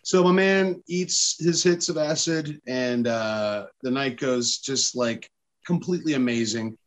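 A man's voice: mid-range voice, a little slow. A man hosting a casual podcast, telling a long and rambling story and putting on the voices of the people in it. His voice sits in a medium range. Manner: rambling storyteller, acts out quotes. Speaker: podcast host. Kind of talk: casual chat.

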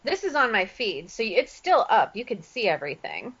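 A woman co-hosting a podcast, telling a story in a lively, laughing way. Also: mid-range voice, normal speed, slight background noise. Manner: animated storytelling with frequent laughs. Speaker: podcast co-host. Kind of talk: casual chat. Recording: dull lo-fi audio.

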